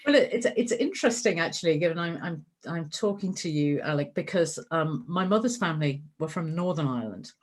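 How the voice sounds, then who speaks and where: Middle-aged woman, low pitch, chatty guest, loose and rambling. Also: expressive, fairly quick, hardly any pauses. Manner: chatty, many fillers and restarts. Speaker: interview guest. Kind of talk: conversational interview.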